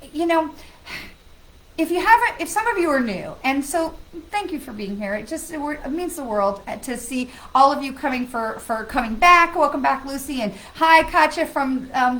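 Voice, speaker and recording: On a low-quality recording, a woman with a high, fairly bright voice runs a casual live stream as a psychic medium. She talks earnestly with her viewers and welcomes each one by name.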